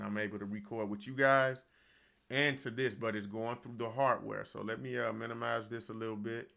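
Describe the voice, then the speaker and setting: Speaking at a normal speed with fairly even intonation, this man has a gravelly, medium-pitched voice that sounds pushed and bright. He's hosting a laid-back software tutorial recorded off his screen at home, chatting loosely into a studio mic and addressing the audience as "y'all."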